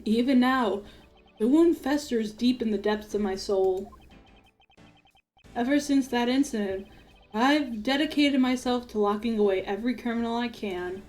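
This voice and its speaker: A woman's voice: fairly high pitch, moderate pace, darkish tone, close to an everyday voice. A woman voicing a solemn, brooding male prosecutor, reading his lines in a grave and formal way.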